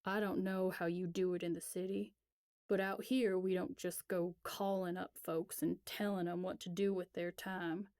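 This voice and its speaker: A curt, suspicious rural old man in a read-aloud story, as a woman puts him on. He talks slowly in a dark, mellow tone, a little lower than the reader's own voice. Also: steady tone, vocal fry, no room sound, clean studio sound. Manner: curt and affronted.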